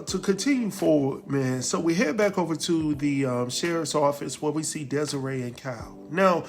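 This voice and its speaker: A man casually recapping a TV drama episode, telling it in a lively way, acting out the characters' lines and laughing often. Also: a little high. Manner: animated storytelling, acts out quotes, laughs often. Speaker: recap host.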